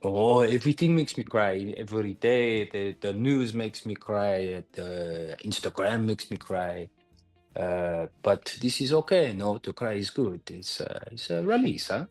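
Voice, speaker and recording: Actor doing a hammy French accent, lively and playful. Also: male voice, on the low side, measured pace, no echo, faint music behind. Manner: hammy, broad put-on accent. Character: adult man with an exaggerated French accent.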